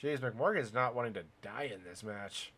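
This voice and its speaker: A man hosting a stream and commenting on wrestling matches in a casual play-by-play style. He is excitable, swears freely and speaks straight to chat and the viewers. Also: medium pitch, moderate pace, husky.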